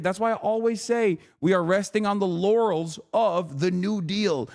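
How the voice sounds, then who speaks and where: A man's voice: sits high, normal speed, hardly any pauses, a little mellow. A man hosting a livestream, ranting profanely at his chat while commenting on the news. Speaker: streamer host.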